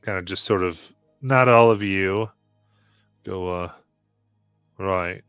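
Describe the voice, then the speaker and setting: Low-voiced man running a tabletop game. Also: fairly bright tone, clean tone, no room sound, faint music behind. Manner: halting, lots of fillers and sighs. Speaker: game master.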